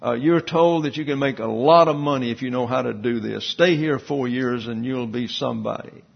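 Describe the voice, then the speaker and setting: Husky man preaching a sermon. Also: medium pitch, moderate pace, muffled recording. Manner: teaching with asides and rhetorical questions. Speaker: pastor.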